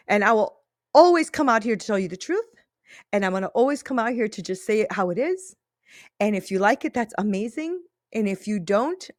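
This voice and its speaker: A woman's voice: mid-range voice, no echo, studio quality. A woman in her thirties hosting a faith-based podcast, talking casually and earnestly, often checking in with "right?". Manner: earnest, emphatic, often tag-asks "right?". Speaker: podcast host.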